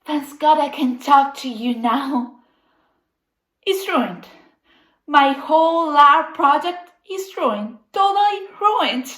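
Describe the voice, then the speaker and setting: A woman's voice: high voice, slow pace, fairly bright tone, roomy sound, low-quality recording. An actress playing a distraught young woman organizer who stammers in frantic, melodramatic despair, in a comedic video-call sketch.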